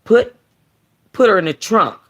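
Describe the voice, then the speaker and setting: A woman's voice: mid-range voice, expressive, a little slow, fairly bright tone, voice pushed up. A woman voicing a ruthless young woman who barks orders. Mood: commanding.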